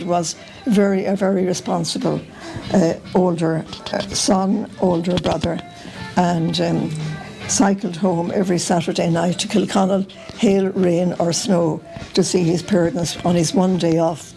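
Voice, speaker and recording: An older Irish woman telling family stories to the camera in a relaxed, meandering way, often pausing with "uh" and "um". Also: fairly low pitch, creaky, faint music behind, poor audio. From Ireland. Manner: meandering, full of uh and um. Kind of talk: casual storytelling to camera.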